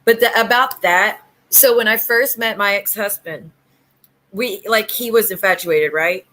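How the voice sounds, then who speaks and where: A woman hosting a casual livestream at home, talking bluntly and sassily with quick retorts to her viewers. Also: mid-range voice, bright, forceful tone. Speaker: livestream host.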